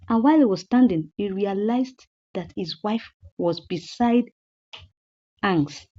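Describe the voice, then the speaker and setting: A woman's voice: mid-range voice, a little mellow, highs cut off. A woman, casually recapping a movie episode in a chatty way, repeating points and asking rhetorical questions.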